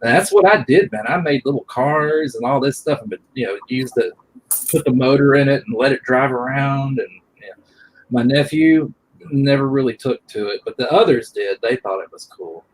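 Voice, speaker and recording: A man's voice: medium pitch, moderate pace, rough recording. A middle-aged man hosting a live stream, chatting in a rambling, friendly way full of fillers. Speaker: coin channel host. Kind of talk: casual chat on a live stream.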